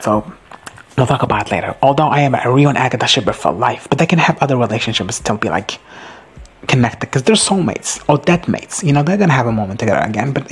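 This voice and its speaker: Casting: excitable male recap vlogger, husky and mid-pitched, profane and gushing. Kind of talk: casual reaction recap.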